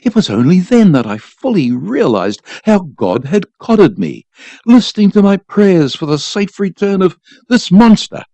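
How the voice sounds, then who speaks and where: A man's voice: high voice, sing-song, measured pace, warm tone, dry recording. A man reading a short story aloud for a volunteer radio program, telling it expressively.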